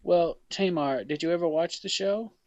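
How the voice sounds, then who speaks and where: A man's voice: fairly high pitch, moderate pace, a little mellow, no room sound. A man co-hosting a podcast in casual comedic chat, blunt and teasing with plenty of swearing. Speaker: podcast co-host.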